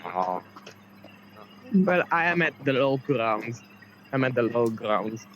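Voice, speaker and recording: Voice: medium pitch, big pitch swings, takes it slowly, highs cut off, slight background noise. A playful friend on voice chat, joking about doing accents while gaming.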